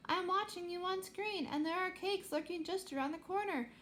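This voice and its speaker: A woman reading aloud, voicing a small, spirited girl who squeaks and shouts in alarm. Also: normal speed, a little hiss or hum. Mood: urgent.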